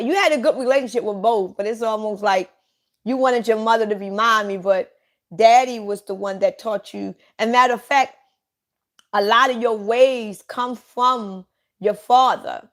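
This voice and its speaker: A woman's voice: fairly high pitch, normal speed, fairly bright tone. A woman giving a psychic reading straight to one listener, blunt and repetitive, with casual swearing. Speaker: psychic reader.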